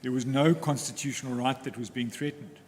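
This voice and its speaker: A man, arguing as counsel in court in a formal, deliberate way with frequent pauses. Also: mid-range voice, a little mellow. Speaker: counsel for the applicants. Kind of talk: formal legal argument in court. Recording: echoey courtroom with faint ambient noise.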